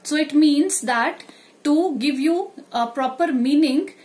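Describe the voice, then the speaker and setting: Slow-talking high-voiced woman teacher. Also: darkish tone. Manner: slow, explains step by step, repeats examples. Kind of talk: classroom grammar lesson.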